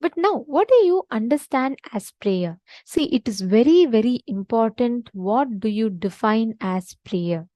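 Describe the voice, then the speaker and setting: Woman, spiritual teacher, fairly high voice, earnest, emphatic, repeats points, dry close sound. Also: expressive, unhurried, hardly any pauses, dark tone, no echo. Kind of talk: devotional teaching session.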